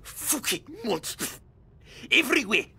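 A man's voice: extremely high pitch, big pitch swings, unhurried, pushed and bright, no echo, exaggerated voice. A man voicing a starving, half-mad male wanderer in a video game, muttering in broken, swearing bursts with a foreign accent. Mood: frantic. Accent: foreign, unfamiliar to host. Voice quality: gravelly, raspy.

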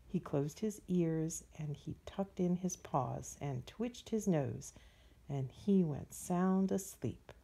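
A woman reading a bedtime storybook aloud, soft and drawn-out. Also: fairly low pitch, breathy edge. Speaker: storybook reader.

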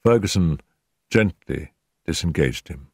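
An older man narrating a classic mystery in a measured storytelling manner. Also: low-pitched, expressive, breathy edge, dry recording, studio quality. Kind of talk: audiobook narration.

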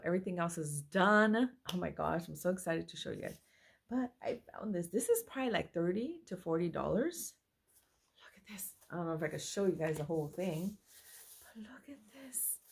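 A chatty, excitable woman with a lowish, gravelly voice, talking at home into a handheld camera. She speaks in a casual haul-vlog way and keeps apologizing as she shows her finds. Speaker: mother showing a thrift haul. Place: at home, indoors. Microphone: handheld phone or camera she moves around.

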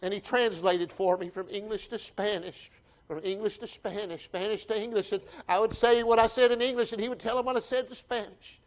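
A man with a Southern US accent preaching a sermon to his church, folksy and animated, often restarting his phrases. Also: high-pitched, brisk. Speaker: pastor. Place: church sanctuary.

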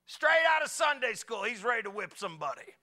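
A middle-aged man preaching a folksy sermon, swinging from quiet asides to loud exclamations. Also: very high voice, sing-song, fairly quick. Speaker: pastor.

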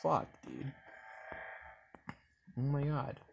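A man's voice: mid-range voice, drawn-out words, creaky, highs cut off, music in the background. A man giving gameplay commentary on a horror game, swearing often and reacting in jumpy outbursts. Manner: profane, jumpy, excitable reactions. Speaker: gamer.

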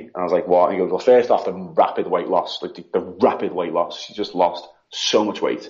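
A man with a lowish voice, grieving as he talks. He rambles as a podcast guest and voices the people in his story. The audio sounds dull and lo-fi. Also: fairly quick, hardly any pauses, darkish tone. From United Kingdom. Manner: rambling, retelling with quoted dialogue. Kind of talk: casual interview chat.

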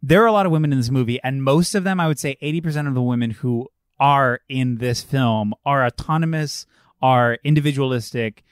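A young man co-hosts a podcast in a mid-range voice, speaking a little fast in casual, animated chat. He swears freely and acts out quotes in shifting voices. The studio-quality recording is clean with no echo.

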